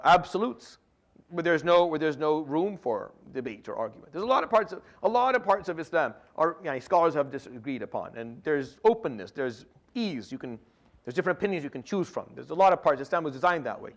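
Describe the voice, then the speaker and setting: Fast-talking male Quran teacher, slightly high voice, earnest explanatory delivery. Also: fairly bright tone. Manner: earnest, explanatory, recites Arabic verses slowly. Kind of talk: tafsir lesson.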